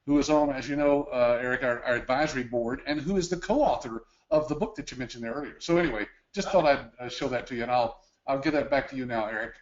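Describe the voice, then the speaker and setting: A man's voice: mid-range voice, fast, hardly any pauses. A man co-hosting a webinar from his home office, talking casually with many fillers, somewhat out of breath. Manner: chatty, filler-heavy. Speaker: webinar co-host. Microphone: video call. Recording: dull lo-fi video call audio.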